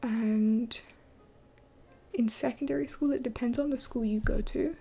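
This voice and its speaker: A young woman whispers through a late-night live stream, slow and unhurried, her hushed voice gravelly with fry. The tone is dark and mellow, breathy at the edges, as she answers chat bluntly and with the odd curse. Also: on the high side, fairly even intonation. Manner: mostly whispering, blunt and swearing.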